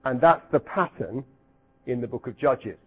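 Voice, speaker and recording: A middle-aged man teaching the Bible to a live group, lively and questioning, sometimes acting out cries. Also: medium pitch, moderate pace, slightly rough, highs cut off. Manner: asks the audience questions, lively, acts out cries.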